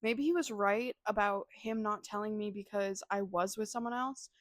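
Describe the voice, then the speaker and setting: A woman's voice: medium pitch, moderate pace, no echo. A young woman vlogging about books she is reading, gushing and emotional in her reactions. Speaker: book vlogger. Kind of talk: casual reading vlog.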